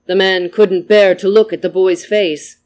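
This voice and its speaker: A reader narrating a story with an even, gentle delivery. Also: mid-range voice, a little slow.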